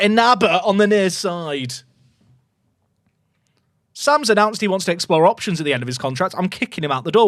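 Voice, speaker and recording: A young man commentating his football management game live to his chat. His voice sits high and leaps wildly between loud cheering and low muttered asides, and the recording is close and dry. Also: no room sound.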